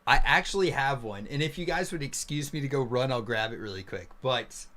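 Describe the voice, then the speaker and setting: A man hosting a live-stream reaction video, chatting excitedly and enthusiastically. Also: mid-range voice, a little fast. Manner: excitable, enthusiastic, says "freaking" a lot.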